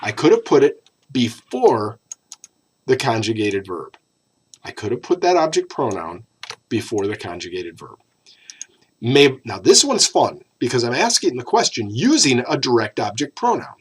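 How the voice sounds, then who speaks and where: Husky-voiced man teaching a grammar lesson. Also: medium pitch, sing-song. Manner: patient, explanatory, stretches key words slowly. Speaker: Spanish teacher.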